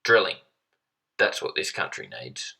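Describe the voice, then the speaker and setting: A man's voice: low-pitched, big pitch swings, unhurried, vocal fry, bright, forceful tone, husky, distant mic, exaggerated voice. A man voicing a chirpy, chatty balding English neighbour with an English accent in a read-aloud story.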